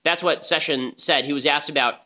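A man's voice: fairly high pitch, moderate pace, sharp tone. A man hosting a political podcast, delivering emphatic, argumentative commentary. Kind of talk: fast opinionated commentary.

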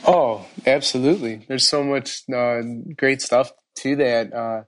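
Animated male podcast host. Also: medium pitch, measured pace. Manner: animated storyteller, frequent fillers. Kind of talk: casual interview chat.

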